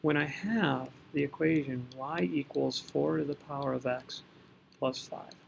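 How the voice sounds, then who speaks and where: In this recorded math lesson, a man walks through the problem step by step, catching and fixing his own mistakes as he goes. His voice is on the high side and gravelly, delivered at a measured pace, and there's a little hiss or hum in the recording.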